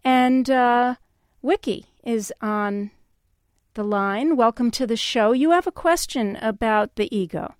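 A woman hosting a call-in radio show, speaking in a calm and reflective way and telling stories. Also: on the high side, slow, clean tone, no room sound, clean studio sound.

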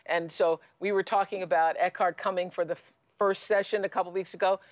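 A middle-aged woman hosting a studio talk show, telling stories in a lively way with frequent restarts. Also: lowish voice, brisk, no echo, dull audio. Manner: lively and storytelling, with many restarts and laughs. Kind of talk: studio conversation with a guest. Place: television studio.

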